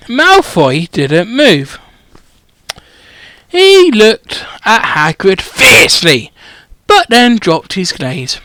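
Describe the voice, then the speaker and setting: A man narrating a comic parody audiobook, in a slow deadpan read with muttered asides. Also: high-pitched, dry recording.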